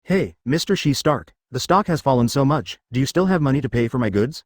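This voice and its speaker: A man's voice: medium pitch, animated, fairly quick, no echo, clean studio sound, close to an everyday voice. A man voicing a cheeky sixteen-year-old schoolboy who talks bluntly about money.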